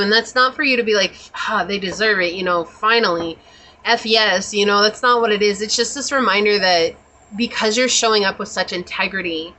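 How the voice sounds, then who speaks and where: A woman's voice: mid-range voice, pushed and bright, a little hiss or hum, low-quality recording. A woman doing a pick-a-card tarot reading, talking in a chatty, reassuring, spiritual way with many casual fillers. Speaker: tarot reader.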